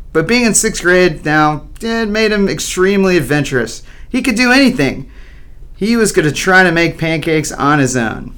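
A man's voice: high-pitched, sing-song, moderate pace, fairly bright tone, clean tone. A man narrating a children's story playfully, with wry asides to the listener.

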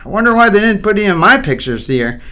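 A man's voice: sits high, very animated, fast, bright, forceful tone, pitched above the performer's own voice, full character voice. A man voicing an eager, naive sixth-grade boy in a storybook, talking earnestly and wonderingly to himself. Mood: puzzled. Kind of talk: storybook character voice.

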